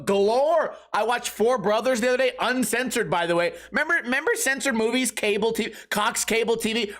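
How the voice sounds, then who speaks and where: Brief: male comedy podcast host, lively swooping pitch, profane ranting delivery. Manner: animated, profane storytelling with shouted outbursts. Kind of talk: comedic rant.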